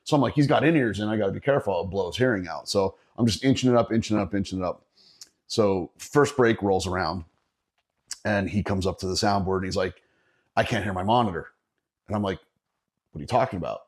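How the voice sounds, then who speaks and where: A man's voice: fairly low pitch, fast talker. A middle-aged man from Northeastern Pennsylvania, a podcast guest telling a profane story in casual chat, laughing often.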